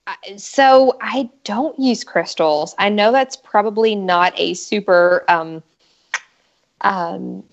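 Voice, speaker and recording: A woman's voice: medium pitch, slow. A woman with a Southern US accent chatting frankly and laughing easily on a live online show. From Southern United States. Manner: frank, giggly, swears freely. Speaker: guest, upcoming show host. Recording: lo-fi online call audio.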